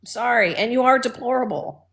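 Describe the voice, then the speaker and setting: A woman's voice: a little high, normal speed, fairly bright tone. A woman from Texas co-hosting a casual political talk show, talking in a blunt, mocking way with frequent restarts. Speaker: co-host.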